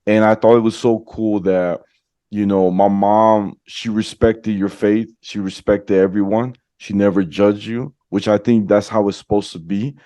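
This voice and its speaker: A man's voice: lowish voice, fairly even intonation, measured pace, mellow, no room sound. A man hosting a podcast, talking casually and slangily, often adding "you know what I'm saying". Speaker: podcast host. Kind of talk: casual chat.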